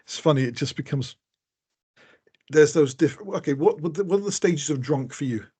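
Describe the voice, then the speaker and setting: Husky, higher-voiced man chatting. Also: normal speed, dark tone. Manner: rambling, self-mocking, laughs mid-sentence. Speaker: podcast co-host. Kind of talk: casual chat.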